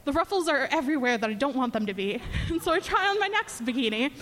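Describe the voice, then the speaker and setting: A woman with a high voice tells a funny personal story, lively and building each beat toward the payoff. A long hall reverb trails after her words. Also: fast talker. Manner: lively, humorous, building to a punchline.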